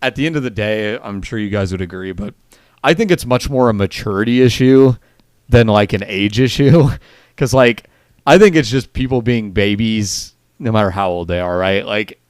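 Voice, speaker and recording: A man's voice: on the low side, moderate pace, clean tone, no echo, studio quality. A man co-hosting a casual gaming podcast, thinking aloud and rephrasing his points as he goes. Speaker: podcast co-host.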